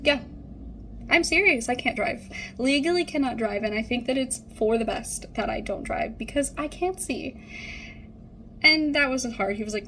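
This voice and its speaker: A woman's voice: a little high, animated, normal speed, fairly bright tone, a little hiss or hum, poor audio. A young woman telling a casual, rambling story at home while she gets ready, full of "like" and "um". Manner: chatty, rambling, frequent "like" and "um". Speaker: vlogger.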